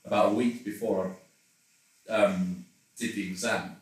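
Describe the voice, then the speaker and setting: A man's voice: fairly low pitch, steady tone, a little slow, heavy reverb, far from the mic, low-quality recording. A man candidly telling personal stories in conversation, rambling and self-deprecating with frequent laughs. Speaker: interview guest.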